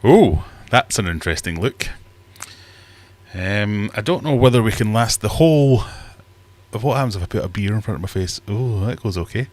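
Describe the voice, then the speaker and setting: Chatty man, lively pitch. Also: moderate pace. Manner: chatty, jokey, self-mocking. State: a bit out of breath. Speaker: livestream host. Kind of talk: casual live chat. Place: home fish room.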